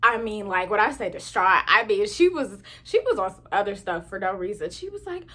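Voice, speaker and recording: A young woman in her twenties telling casual storytime anecdotes to her viewers, chatty and animated. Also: mid-range voice, a little fast. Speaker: vlogger.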